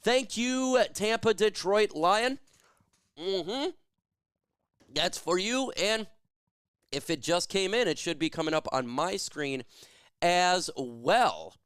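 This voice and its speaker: A man hosting a live sports stream, reading viewer comments quickly and shouting catchphrases with lots of energy. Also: sits high, expressive, smooth, no echo, clean studio sound.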